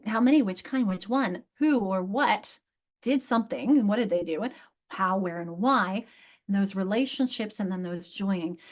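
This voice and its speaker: A woman presenting an online literacy training over a video call, explaining with frequent restarts and emphatic examples. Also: mid-range voice.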